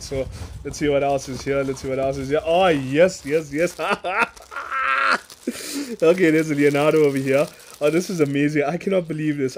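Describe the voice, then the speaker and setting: A man in his thirties from Africa, gushing excitedly in a casual outdoor unboxing vlog, repeating words and laughing often. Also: on the high side. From South Africa. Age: 30s. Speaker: toy reviewer. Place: outdoors in a yard.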